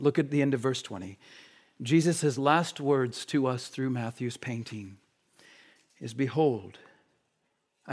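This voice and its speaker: A man preaching a sermon, shifting between fervent, shouted appeals and quiet, hushed stretches. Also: mid-range voice. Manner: impassioned, swings from shouting to hushed.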